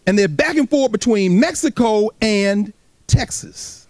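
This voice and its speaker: This is a man lecturing on history before a live audience, his voice pitched high and bouncing all over its range. He talks in a loose, casual way, addresses the crowd directly and slips into voices from the past. The sound is close and dry, with almost no room echo. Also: expressive, unhurried, a little mellow. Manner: casual, colloquial speech.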